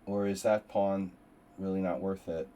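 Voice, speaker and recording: A man's voice: deep voice, fairly even intonation, a little slow, mellow. A man hosting a live chess stream, thinking aloud through move lines with rambling asides. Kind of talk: live-stream commentary while playing.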